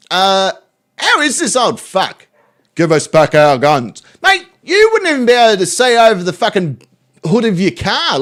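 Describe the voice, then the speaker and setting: Australian male host, high and animated voice, crude mocking rants, heavy swearing. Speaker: show host reacting to clips. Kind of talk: profane reaction commentary.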